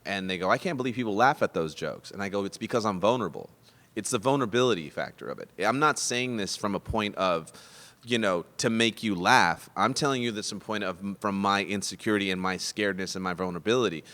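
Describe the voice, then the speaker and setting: A man hosting a podcast in casual chat, telling rambling stories full of restarts and fillers, getting loud and high-pitched when excited. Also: quick pace. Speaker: podcast host. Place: comedy club.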